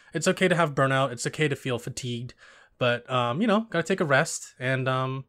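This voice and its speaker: A man's voice: medium pitch, fairly bright tone. Rambling young man, casual chat. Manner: rambling, many fillers, laughs often.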